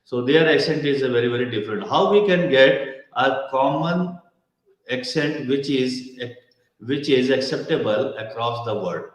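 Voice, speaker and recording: A man moderating an academic program, formal and halting with many pauses. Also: medium pitch. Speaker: programme convenor. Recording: very echoey room.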